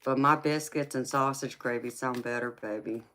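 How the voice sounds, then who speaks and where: Low-voiced woman chatting with viewers. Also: fairly even intonation, normal speed, a bit bright. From United States. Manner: chatty, laughs often, calls people honey and sweetheart. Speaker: livestream host. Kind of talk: casual livestream chat with viewers.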